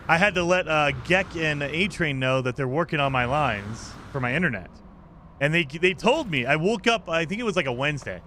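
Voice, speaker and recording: A man's voice: fairly high pitch, lively intonation, brisk, sharp tone, slight background noise. A man streaming a game, chatting casually and rambling through a rant while reading his chat. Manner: rambling, ranting, reads chat aloud.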